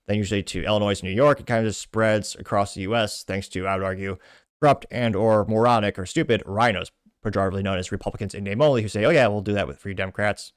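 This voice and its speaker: A man's voice: on the low side, smooth, dry recording. Sardonic man from Texas reading posts. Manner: sardonic, dry asides. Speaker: political commentary host. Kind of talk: reading and commenting on social media posts.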